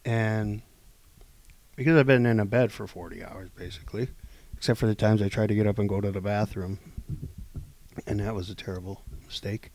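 A man on a podcast telling a long story casually, acting out the people in it and swinging between loud and hushed delivery. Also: fairly low pitch, normal speed, pauses often, dry recording. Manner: animated, acts out quoted dialogue, swings between loud and hushed. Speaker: podcast co-host.

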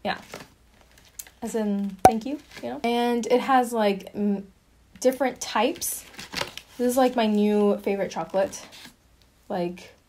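A bubbly young woman vlogger talks casually through her haul, her speech scattered with fillers. She sounds a little out of breath, and her voice sits fairly high. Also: slow, long pauses, background noise. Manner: bubbly, chatty, lots of "like" fillers. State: slightly out of breath. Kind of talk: casual haul video chat.

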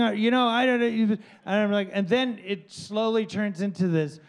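Man, very high voice, animated comic storyteller, sound effects, podcast panel. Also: moderate pace, few pauses, clear, resonant tone. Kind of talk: comic anecdote.

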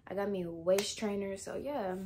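A woman's voice: medium pitch, slight background noise. A young woman from Texas, chatting casually to camera at home in a vlog. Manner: chatty and animated, drawn-out exclamations; often drops to a soft whisper. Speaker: vlogger. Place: at home indoors.

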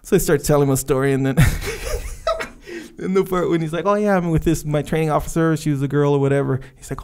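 Brief: male podcast co-host, fairly high and gravelly, animated storyteller who slips into character voices. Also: brisk. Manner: animated storyteller, acts out movie lines. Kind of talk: casual chat.

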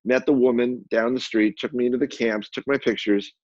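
Older guy telling stories real fast, husky and kinda low, dry slightly muffled sound. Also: dry recording. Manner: brisk, animated anecdote telling with quick restarts. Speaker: guest, photographer and publisher. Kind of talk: storytelling in a conversation.

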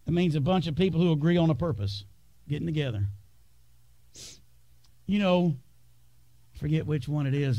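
Preacher with a high voice. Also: male voice, no echo. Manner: preaching with dramatic pauses and sudden hushed drops. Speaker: pastor. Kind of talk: sermon. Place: church sanctuary.

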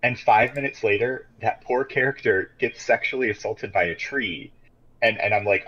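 A man's voice: on the low side, steady tone, moderate pace, pushed and bright, husky. A man from Michigan, co-hosting a podcast in casual chat, rambling with many fillers and swearing freely. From Michigan, USA. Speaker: podcast co-host. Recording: dull lo-fi podcast audio.

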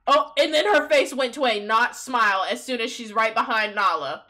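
High, bubbly streamer woman. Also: moderate pace. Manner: excitable, gossipy, swears freely, breaks into laughter. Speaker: live streamer. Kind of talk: live gameplay commentary.

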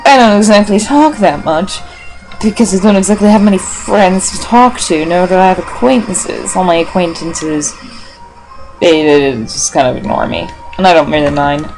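A woman's voice: lowish voice, normal speed, darkish tone, faint music behind, rough recording. A woman giving casual commentary as she plays a video game, rambling and swearing, talking to herself and the game characters with self-mocking asides. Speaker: let's play gamer.

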